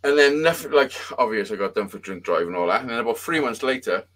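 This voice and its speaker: Hosting a laid-back live-stream chat, a man with a mid-range voice rambles through a story at a quick pace. He swears heavily and brings the tale to life by acting out what people said.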